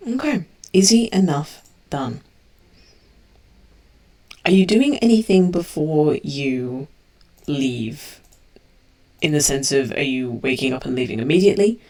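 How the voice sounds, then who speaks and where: A woman's voice: low-pitched, expressive, measured pace, pauses often, a little mellow. A woman running a tabletop game as game master, asking the players plain, matter-of-fact questions.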